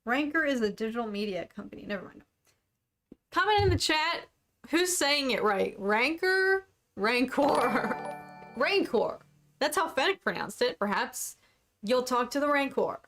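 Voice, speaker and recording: A woman's voice: high voice, very animated, moderate pace, a bit bright, faint music behind. A young woman hosting a casual livestream podcast, chatting and reading out viewer comments. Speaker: podcast host.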